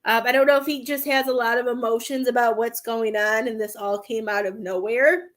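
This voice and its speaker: A woman giving a spiritual reading in a casual, halting way, repeating herself and fighting back tears. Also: fairly high pitch, steady tone. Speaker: psychic medium giving a reading.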